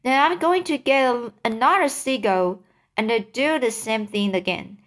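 A woman voicing a young boy who calmly explains his plan in a storybook reading. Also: fairly high pitch, normal speed, natural voice. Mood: determined. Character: young boy, calm and determined.

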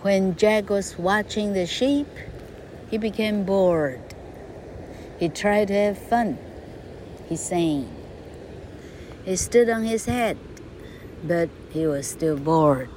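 Slow, expressive woman reading a storybook. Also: mid-range voice, slight background noise. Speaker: storybook reader and teacher.

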